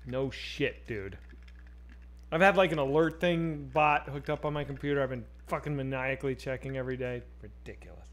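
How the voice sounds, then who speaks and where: A man co-hosting a casual streamed chat, excitable and swearing freely. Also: mid-range voice, a little fast. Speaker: podcast co-host.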